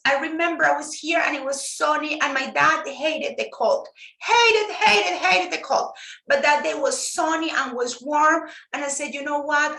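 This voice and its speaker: A woman whose first language is Spanish speaks in a high, bright voice, earnest and heartfelt, often circling back over her own words. She talks over a video call in an echoey room. The voice carries a casual live-stream feel. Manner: earnest, heartfelt, many restarts. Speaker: guest teacher.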